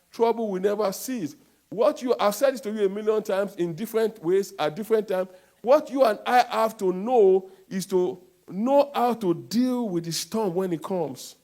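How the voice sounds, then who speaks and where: A pastor with a Nigerian accent preaches a sermon in a voice that sits high, erupting in sudden loud bursts and calling on the congregation to answer back.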